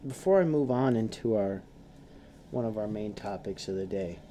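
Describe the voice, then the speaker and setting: A young man hosting a casual podcast chat, telling stories in an animated way, swearing and breaking into acted-out quotes. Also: on the low side, normal speed, a little hiss or hum. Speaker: podcast host.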